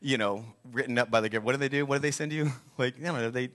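A man in his forties preaching a sermon, telling a candid, self-deprecating story with animated asides. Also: mid-range voice, quick pace. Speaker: pastor.

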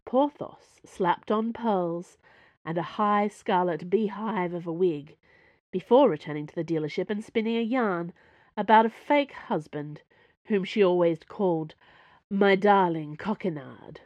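A woman reading her own serialized fiction aloud, expressive and lively storytelling. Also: on the low side, measured pace, no echo, lo-fi sound. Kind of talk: scripted fiction narration.

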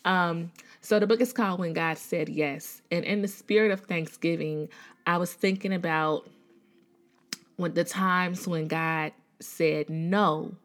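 A Christian speaker in her thirties from the Chicago area, USA, shares a personal faith testimony conversationally, with many fillers and restarts. Her voice is on the low side, steady and measured.

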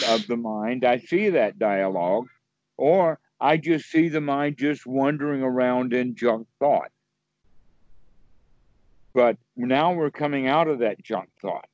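Speaking slowly, a man teaches Buddhist practice in a casual talk on a call, playfully acting out inner voices with sudden high exclamations. The recording is dry and muffled.

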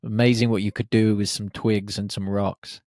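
A man hosting a reflective solo podcast, speaking in short, unhurried phrases. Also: lowish voice, level tone, a little mellow, no room sound, clean studio sound. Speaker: podcast host.

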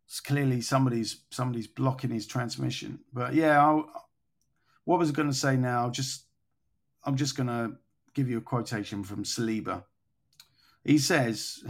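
A man hosting a casual football podcast, thinking aloud with frequent fillers and restarts as he goes through transfer news. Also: medium pitch. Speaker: podcast host.

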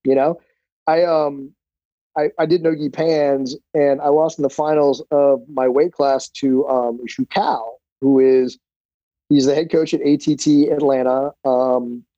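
A man's voice: medium pitch, dark tone, dry recording, lo-fi sound. A man, a jiu-jitsu instructor on a podcast, telling stories casually with loose, profane talk and many fillers. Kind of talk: casual storytelling.

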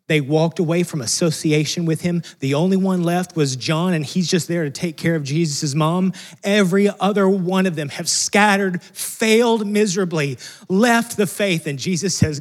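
A man preaching a sermon in a conversational, earnest way, swinging from loud emphasis to soft, hushed lines. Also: a little high. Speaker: pastor.

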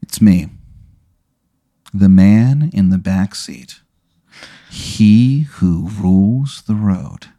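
A man voicing an eerie, smoke-faced male spirit of the road, speaking slowly and calmly. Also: on the low side.

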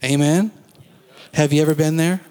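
A man's voice: fairly high pitch, steady tone, normal speed, darkish tone, smooth. A man preaching a sermon as pastor, talking conversationally and asking the congregation questions in a church sanctuary. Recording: long reverb of a church hall.

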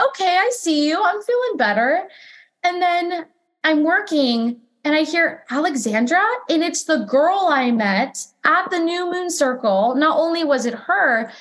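A woman working as a psychic medium, telling a personal story as a podcast guest in an animated, chatty way, acting out her own remarks. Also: sits high. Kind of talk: casual storytelling conversation.

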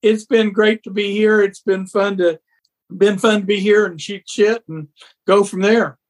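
A man's voice: sits high, fairly even intonation, unhurried. A man, a guest on a podcast, chatting casually and telling teasing stories about old times. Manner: joking storyteller, teasing. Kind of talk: casual chat.

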